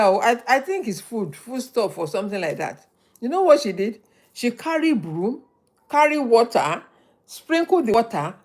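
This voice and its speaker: A woman's voice: a little high, a little mellow. A woman hosting a motivational live stream, telling stories and repeating points for emphasis.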